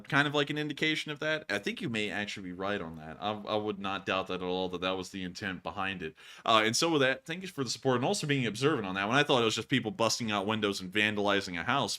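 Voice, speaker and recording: A man hosting a live stream, chatting casually and mocking online reviews with sarcasm. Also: medium pitch. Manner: sarcastic, animated, mocking voices when reading. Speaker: host. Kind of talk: casual chat reading reviews and super chats.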